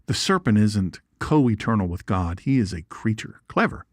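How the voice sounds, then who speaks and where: A man's voice: fairly low pitch, normal speed, dry recording, studio quality. A man hosting an informal Bible teaching show, folksy and chatty, with jokes and asides. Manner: folksy and animated, asides and jokes, reads viewer comments.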